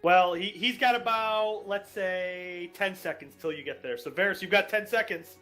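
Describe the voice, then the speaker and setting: A man running a tabletop game as dungeon master, narrating in a brisk, animated way. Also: sits high, faint music behind.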